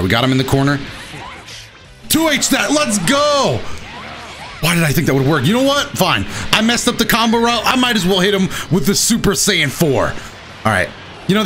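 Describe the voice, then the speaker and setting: A young man giving excitable live commentary on his own fighting game matches, talking to himself and laughing at his own mistakes. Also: fairly high pitch. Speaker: gaming commentator.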